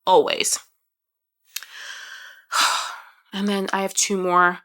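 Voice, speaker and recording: A woman's voice: mid-range voice, little pitch movement, very slow, sharp tone. A woman chatting to camera about a book she loved, emotional and rambling, swearing now and then and restarting her sentences. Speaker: book reviewer. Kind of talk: casual chat.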